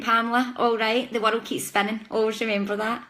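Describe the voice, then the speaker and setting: A woman's voice: fairly high pitch, little pitch movement, a little fast, slight background noise. A woman hosting a live-stream psychic reading, talking chattily and apologetically straight to her viewers. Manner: chatty, warm-hearted, apologetic, speaks directly to viewers. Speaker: psychic reader.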